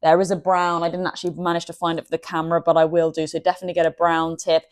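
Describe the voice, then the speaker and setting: Woman, art-channel host, chatty and self-deprecating tutorial voice, sits a little low. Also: level tone, rapid-fire.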